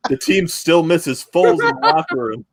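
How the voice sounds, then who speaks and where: A man's voice: fairly high pitch, normal speed. A man co-hosting a live watch-party podcast, frustrated and repeating himself in outbursts. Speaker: podcast co-host.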